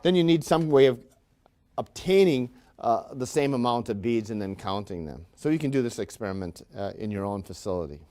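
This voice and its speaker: A man giving a law lecture, explaining in a low-key way. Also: lively intonation, fairly quick, darkish tone. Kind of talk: recorded lecture.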